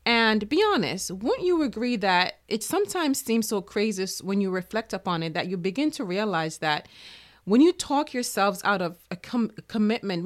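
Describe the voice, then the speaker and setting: A woman speaking as a motivational speaker in an earnest manner, now and then acting out the doubting inner voice. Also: mid-range voice. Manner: earnest, acts out inner-voice quotes. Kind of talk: motivational talk.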